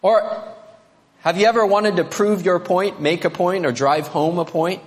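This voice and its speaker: A man preaching a sermon as pastor, animated, swinging between emphatic high notes and quiet asides. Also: a little slow. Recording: long reverb of a large hall.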